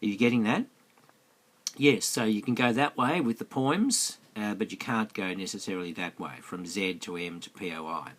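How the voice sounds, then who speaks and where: A man with a lowish voice walks students through a maths lesson in a screencast. He is chatty and repeats himself, keeps asking whether they follow, and speaks into a close mic. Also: moderate pace, a bit bright. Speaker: maths teacher. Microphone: close mic over a tablet screencast.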